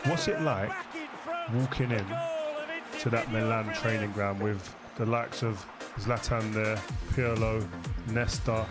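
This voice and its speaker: Excited man hosting a podcast. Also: lowish voice, slow pace, loud music behind the voice. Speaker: podcast host. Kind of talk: casual interview chat.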